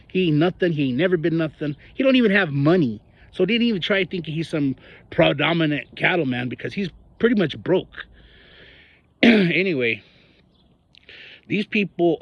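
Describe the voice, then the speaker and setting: A man's voice: fairly high pitch, breathy edge, dry recording, highs cut off. A man from northern New Mexico giving an angry personal monologue about local politics, ranting and mocking the people he talks about. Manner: heated, ranting, mocking voices of others.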